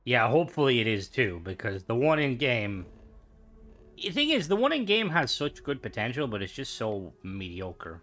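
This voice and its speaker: A man's voice: mid-range voice, very animated, moderate pace, fairly bright tone. Chatty Irish man streaming a game. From Ireland. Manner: rambling, chatty, talks to viewers. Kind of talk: casual stream chat while gaming.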